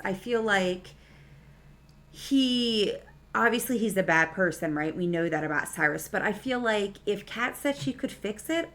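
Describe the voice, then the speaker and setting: A woman's voice: mid-range voice, a bit bright. A woman casually recapping and reviewing a TV episode in a chatty, enthusiastic way, with many fillers. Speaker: TV series reviewer.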